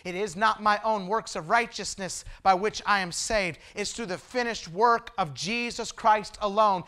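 A man preaching a sermon, moving between loud emphatic passages and low, hushed asides. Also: moderate pace, few pauses.

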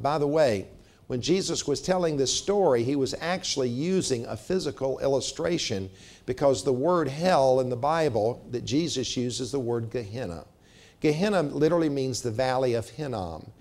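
A middle-aged man preaching a sermon, measured and slowing down to stress scripture. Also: mid-range voice, darkish tone. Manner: measured, slows for emphasis on scripture. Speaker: pastor.

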